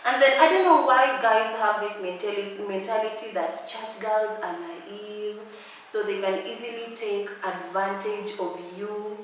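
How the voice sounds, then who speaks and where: A woman's voice: medium pitch, a little slow, fairly bright tone, distant mic. Young Kenyan woman, sassy mocking storytime rant, mid-range voice, heavy room echo, faint background hiss. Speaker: vlogger. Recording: very echoey room, voice off-mic.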